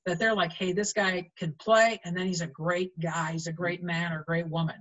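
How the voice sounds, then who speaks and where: A woman's voice: fairly low pitch, level tone, normal speed, fairly bright tone, highs cut off. A middle-aged woman, a volleyball referee, chatting animatedly in an interview and acting out quoted lines as she tells stories. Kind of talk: storytelling in an interview.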